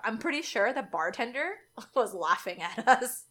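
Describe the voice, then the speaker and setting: A young woman, telling a dating story in casual chat and acting out the quotes with big jumps in pitch. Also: expressive, moderate pace, hardly any pauses, sharp tone.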